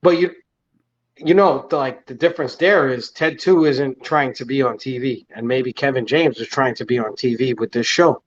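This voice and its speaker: A man's voice: mid-range voice, normal speed, dull audio. A man working as a mechanic, co-hosting a casual chat in a laid-back way and laughing along. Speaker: co-host, mechanic.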